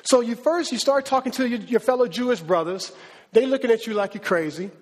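A male pastor preaching a sermon in a lively, conversational, slangy way. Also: extremely high pitch, brisk, long reverb tail.

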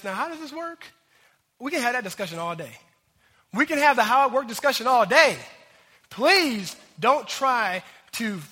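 A man preaching a sermon in an animated, conversational way, talking straight to the congregation. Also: very high-pitched. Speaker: pastor. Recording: long hall reverb.

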